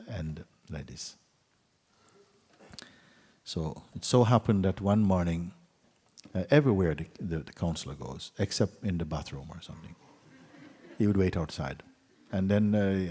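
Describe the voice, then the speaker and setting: A man, a spiritual teacher, telling a story gently at a retreat, with soft, trailing endings. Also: sits low, moderate pace, pauses often, breathy edge, big-room sound. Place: retreat hall.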